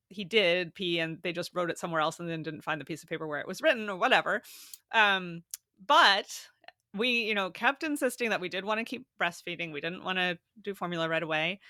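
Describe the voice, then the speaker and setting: In a casual, animated interview, a woman appearing as a podcast guest tells her story and laughs often. Her fairly low voice sounds bright and crisp. She was recorded close on a dry mic with no room sound.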